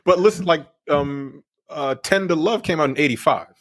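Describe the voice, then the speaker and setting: A man's voice: a little high, normal speed. A man co-hosting a film review podcast, reacting with laughter and profane disbelief. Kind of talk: casual film review chat.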